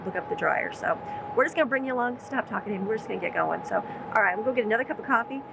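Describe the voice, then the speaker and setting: A woman's voice: expressive, very fast, vocal fry, noisy background. A woman vlogger and homeschooling mom chatting casually and rambling about her day at home, partly out on her deck. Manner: chatty, rambling, talks to pets in a high voice. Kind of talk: casual day-in-the-life chat.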